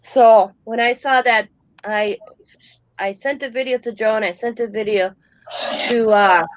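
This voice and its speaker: Older woman chatting, high dry voice. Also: unhurried, dry recording, poor audio. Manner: animated storyteller, quotes her granddaughter. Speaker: host. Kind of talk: casual chat.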